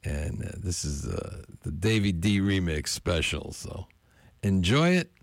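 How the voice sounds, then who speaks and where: Low gravelly guy dj on college radio, laid back, giving shout-outs, dry close studio sound. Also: a little slow, dry recording. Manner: relaxed, friendly shout-outs to listeners. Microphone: studio mic, close.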